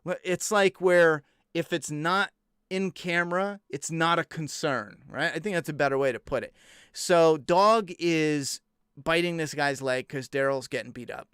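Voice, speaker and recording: Exasperated and incredulous, a young man swears freely in a casual rant reviewing a TV episode. His voice is a little high and a bit bright, and he speaks at a moderate pace.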